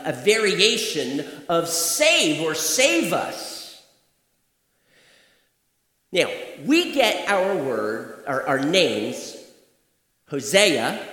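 Lively high-pitched preacher in an echoey hall. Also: male voice. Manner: preaching with wide swings from soft to shouted. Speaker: pastor. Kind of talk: sermon.

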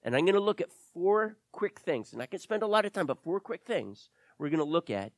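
A man's voice: high voice, very animated, a little fast, no echo. A male pastor preaching a sermon, reading scripture and pressing his points with emphatic repetition. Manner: emphatic, repeats phrases for stress.

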